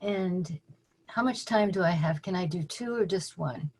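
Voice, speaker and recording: Slow, low-voiced older woman poet. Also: breathy edge, rough recording. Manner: measured, deliberate reading with dry spoken asides. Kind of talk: poetry reading at a virtual open mic. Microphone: video call.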